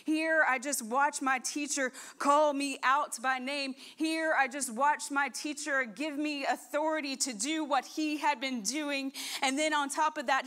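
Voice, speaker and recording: A woman's voice: sits high, a bit bright. A woman preaching in church, telling a Bible story dramatically and acting out the voices of its characters. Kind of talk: sermon storytelling. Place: church sanctuary.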